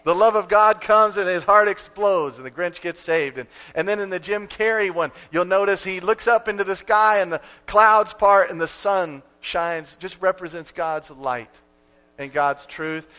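High, bright-voiced preaching man. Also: smooth. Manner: emphatic, repeats lines for effect, quick swings in loudness. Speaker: pastor. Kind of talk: sermon.

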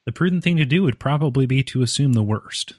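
A man hosting a casual gaming podcast, talking in a halting way with many fillers and restarts. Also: medium pitch, animated, darkish tone, dry recording, clean studio sound. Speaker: podcast host.

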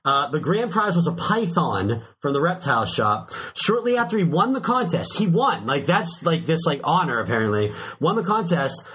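A man's voice: on the high side, big pitch swings, moderate pace, few pauses, a bit bright, slightly rough. A man hosting a casual podcast chat, joking and laughing often as he reads facts aloud. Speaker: podcast host.

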